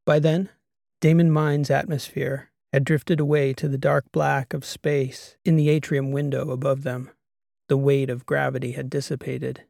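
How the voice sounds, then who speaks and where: Gravelly male audiobook narrator. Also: medium pitch, level tone, normal speed, a little mellow, no room sound, studio quality. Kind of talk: scripted narration.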